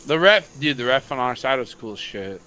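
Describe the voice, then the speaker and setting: A young man, a high school football coach, telling a long story on a casual late-night podcast, swearing freely and acting out what others said. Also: brisk, crowd noise. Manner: profane, animated storytelling.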